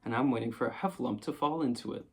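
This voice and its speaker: A man voicing a small, timid young male piglet in a storybook reading, with a high, eager voice. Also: racing, breathy edge.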